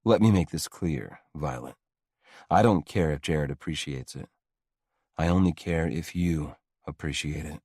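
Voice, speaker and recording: An actor playing a confident, teasing rich young man in an audiobook, speaking smoothly with a low, gritty voice. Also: measured pace, darkish tone, no room sound, clean studio sound, exaggerated voice. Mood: commanding. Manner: smooth, commanding. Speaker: love interest. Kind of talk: audiobook dialogue.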